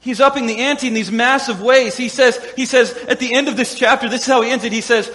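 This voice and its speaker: Male pastor, high voice, playful animated sermon delivery, long hall reverb. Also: fast, hardly any pauses. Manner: animated, acts out quoted voices with humor.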